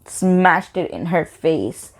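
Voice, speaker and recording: A young woman telling a storytime vlog, animated and emphatic, slipping into patois. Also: lowish voice, slow. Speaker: vlogger.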